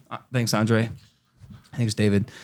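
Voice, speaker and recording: A man co-hosting a podcast who is sick, joking loosely and reading an ad in a hyped-up voice. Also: on the low side. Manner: joking, loose, reads ad in hype voice. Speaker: podcast co-host. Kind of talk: casual podcast banter and ad read.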